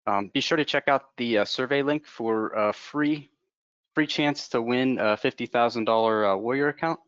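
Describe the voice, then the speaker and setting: A man's voice: medium pitch, normal speed, a bit bright, smooth, no echo. A man hosting an online trading event, introducing speakers with enthusiasm. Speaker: event host. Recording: dry, dull online call audio.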